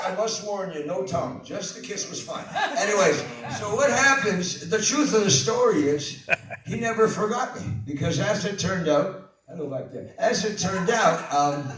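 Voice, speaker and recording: An older man telling a rambling, animated story on stage at a live venue, full of laughing asides. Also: sits high, moderate pace, faint music behind. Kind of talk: live anecdote. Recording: echoey hall, distant mic.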